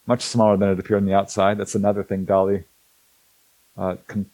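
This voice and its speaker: A middle-aged man telling stories in a casual, animated way, acting out the people he quotes and laughing often. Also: fairly low pitch, brisk, dry recording, rough recording. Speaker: host, author on alien abduction cases. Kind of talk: casual storytelling talk.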